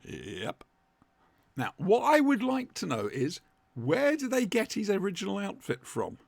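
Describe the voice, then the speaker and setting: A man with a high, gravelly voice whose pitch swoops wildly speaks at an unhurried pace in a dry home room with no echo. He's co-hosting a casual watch-along podcast commentary, chatty and wry, tossing in fond asides.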